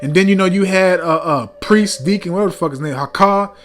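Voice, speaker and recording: A man's voice: high voice, fast, a little hiss or hum. A man preaching a heated rebuke sermon, reading scripture between blunt, profane remarks, often stumbling over fillers and repeating "man".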